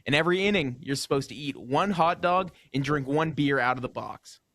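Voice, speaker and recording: A man's voice: on the high side, a little fast, a bit bright. A man co-hosting a radio sports talk show, bringing prepared topics and asking questions with a careful, hedging manner. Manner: prepared, asks questions, hedges with "I think".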